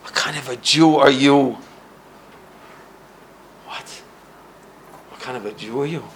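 A man voicing an emotional older male newspaper publisher who bursts out in loud, high-pitched cries. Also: fairly even intonation, takes it slowly, noisy background, natural voice. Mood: outraged. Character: older male newspaper publisher, tearful, then shouting in outrage.

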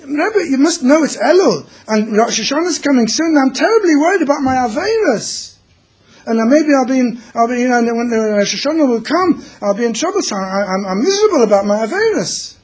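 A man's voice: very high-pitched, animated, brisk, breathy edge, pitched above the performer's own voice, heavily acted. A man voicing an anxious young male student who stumbles over his words. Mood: worried.

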